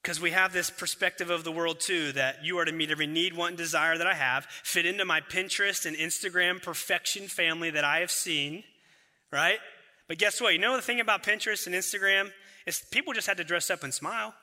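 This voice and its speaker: A man preaching a sermon as pastor, emphatic and building to loud repeated phrases. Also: sits high, a little fast, in a large hall.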